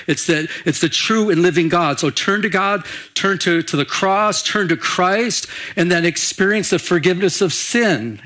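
Older pastor preaching in a chatty way. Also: male voice, high voice, fairly bright tone. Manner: conversational, repeats and restarts, asks the room for amens. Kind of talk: sermon.

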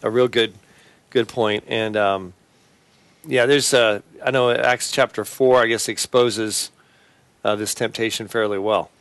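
A man hosting a Christian talk show and preaching, speaking in a halting way with many fillers and restarts. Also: lowish voice, fairly even intonation, fairly bright tone, no echo.

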